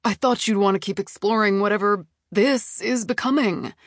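A woman voicing a smooth, impatient male TV executive in an audiobook, patronizing and defensive. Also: mid-range voice, normal speed, dry recording, clean studio sound, natural voice. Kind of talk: audiobook character reading.

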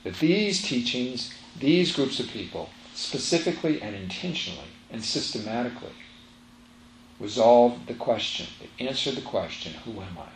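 A man gives a spiritual teaching talk to a live audience, telling a story emphatically and repeating his phrases. His medium-pitched voice has lively intonation and a moderate pace, with a little hiss or hum, roomy echo, and faint ambience.

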